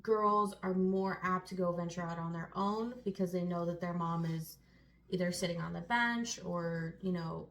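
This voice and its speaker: A woman's voice: on the low side, steady tone, normal speed. A young woman in her twenties co-hosting a casual sit-down chat, talking freely with many fillers and laughs. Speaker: co-host.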